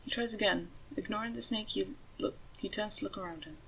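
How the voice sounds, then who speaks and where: A woman narrating a story in a steady, measured way. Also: medium pitch, vocal fry, slightly rough, rough recording.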